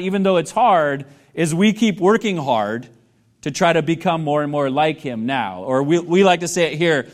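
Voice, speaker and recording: A male pastor preaching a sermon in a conversational way, asking the congregation questions and joking with them. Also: sits high.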